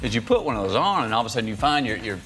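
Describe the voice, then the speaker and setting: Male guest storyteller, lively pitch, laughs through lines, background music audible. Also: racing. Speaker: interview guest telling stories. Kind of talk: animated anecdote telling. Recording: music under the talk.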